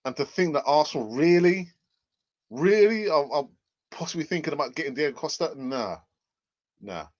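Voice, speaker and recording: A man's voice: fairly high pitch, animated, normal speed, long pauses. A man hosting a casual football news show, who laughs often and repeats himself, heard through muffled lo-fi audio. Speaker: fan channel host.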